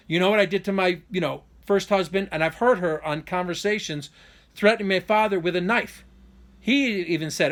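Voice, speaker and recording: A man with a high, fairly bright voice talks a little fast in this vlog-style personal update delivered to camera. Unscripted, he rambles and keeps restarting his sentences. He sounds indignant and aggrieved, and his pace surges in bursts on key points.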